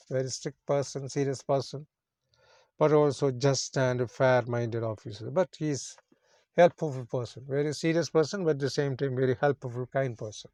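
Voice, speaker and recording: A male English teacher works through a story, reading a passage and then explaining its words. He speaks simple, non-native English at an everyday pitch and repeats each meaning. The sound is dry and close. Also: darkish tone, no room sound.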